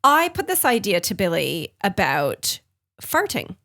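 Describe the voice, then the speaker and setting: Chatty woman, lively pitch. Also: unhurried. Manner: chatty, giggly, teasing. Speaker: podcast co-host. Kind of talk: casual chat.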